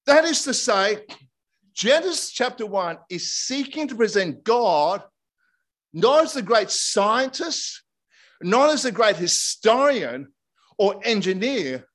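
A middle-aged man preaching a sermon in a lively, chatty way, drawing his congregation in. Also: high voice, takes it slowly. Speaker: pastor.

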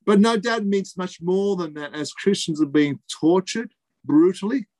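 A man preaching a sermon, emphatic, repeating key phrases and pausing for effect. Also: high-pitched, a little mellow, no echo.

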